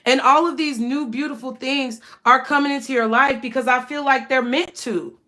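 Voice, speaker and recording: A woman's voice: high voice, fairly even intonation, moderate pace, pushed and bright. A woman giving a casual, emphatic tarot reading who is blunt and swears freely. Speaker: tarot reader.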